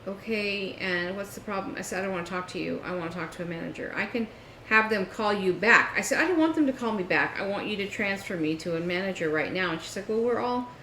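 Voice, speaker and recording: Co-host, woman, animated storyteller, echoey room. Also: mid-range voice, quick pace, few pauses. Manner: animated storytelling, acts out phone calls. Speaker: podcast co-host. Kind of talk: casual chat. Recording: echoey room with faint noise.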